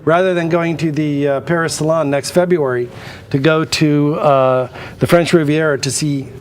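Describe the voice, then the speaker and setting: A man's voice: on the high side, steady tone, normal speed. A man hosting a live TV art auction, rambling and chatty, drifting into anecdotes. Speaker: auction show host. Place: studio.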